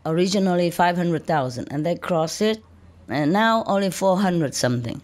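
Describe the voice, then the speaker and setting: A woman's voice: fairly low pitch, lively intonation, moderate pace, darkish tone. A woman spiritual teacher giving casual advice, often laughing and teasing, in broken English.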